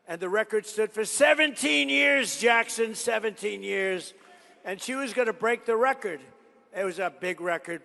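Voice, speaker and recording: Rambling man at a rally, gravelly voice. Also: high voice, a bit bright. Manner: rambling storytelling with boastful asides; repetitive, emphatic phrasing. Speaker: politician addressing a rally. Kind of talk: rally speech. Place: large event venue. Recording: long hall reverb from a big venue.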